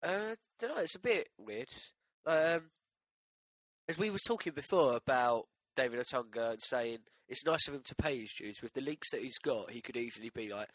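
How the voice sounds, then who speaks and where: A man's voice: mid-range voice, moderate pace, a bit bright, no room sound. A man co-hosting a casual podcast, easygoing, adding details and agreeing often. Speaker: podcast co-host. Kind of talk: casual wrestling chat.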